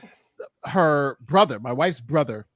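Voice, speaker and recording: A man's voice: mid-range voice, expressive, slow, a bit bright, no room sound. A man co-hosting a live stream, joking and laughing a lot, swearing freely and restarting his sentences. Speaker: podcast co-host.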